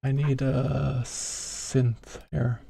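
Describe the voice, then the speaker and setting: Gravelly-voiced young man live-streaming. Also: mid-range voice, level tone, very slow, warm tone, dry recording. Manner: chatty, greets viewers by name between thoughts; mutters to himself while working. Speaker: streamer and game developer. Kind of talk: live-stream chat with viewers.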